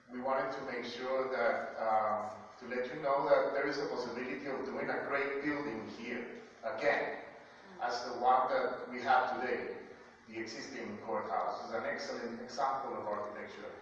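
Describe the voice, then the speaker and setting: A man's voice: mid-range voice, a bit bright, slight background noise. A man, an architect, giving a polite, hesitant public comment at a meeting with many fillers. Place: large echoey meeting hall. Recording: distant, muffled, echoey hall.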